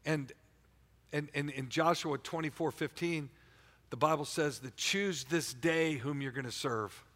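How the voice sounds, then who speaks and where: A preacher delivers an energetic, colloquial sermon, repeating words and restarting as he goes. His voice is slightly high and tense. A long reverb from the church hall follows each phrase. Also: measured pace. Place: church sanctuary.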